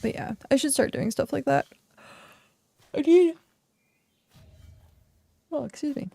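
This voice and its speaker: While streaming a game, a woman chats casually and thinks out loud, filling her talk with fillers and letting sentences trail off as she hiccups and yawns. Her voice sits high, warm and creaky, and she speaks fast. There is no room sound.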